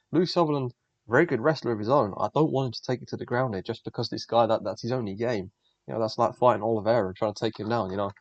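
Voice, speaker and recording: A young man hosts a solo commentary, rambling through blunt, profane fight predictions in a medium-pitched voice. The recording is dull, lo-fi, and dry, with no echo.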